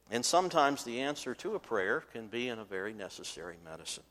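Bright-voiced man preaching in a reverberant hall. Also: mid-range voice, very animated, quick pace. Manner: storytelling, rising loud for quoted voices. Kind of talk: sermon.

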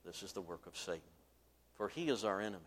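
A man's voice: deep voice, animated, fast talker. A man preaching a sermon from the pulpit, telling a story and acting out its voices with rising force. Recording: long hall reverb.

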